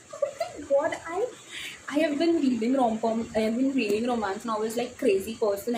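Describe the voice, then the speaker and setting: A woman's voice: fairly high pitch, slight background noise, poor audio. Gushing teenage girl with Indian accent. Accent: Indian English. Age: teens. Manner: gushing, excitable, with frequent restarts and exclamations. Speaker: book vlogger. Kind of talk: casual book review vlog.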